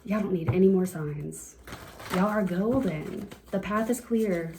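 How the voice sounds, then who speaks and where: A woman giving a casual, encouraging card reading to her viewers, chatty and quick to laugh. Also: mid-range voice, darkish tone, a little hiss or hum. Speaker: tarot reader.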